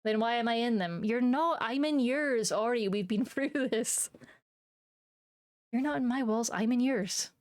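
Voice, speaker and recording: A woman's voice: fairly high pitch, unhurried, no echo, clean studio sound. A woman streamer chatting casually and playfully with her viewers, joking and laughing often. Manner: playful, giggly, silly. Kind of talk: casual live-stream chat.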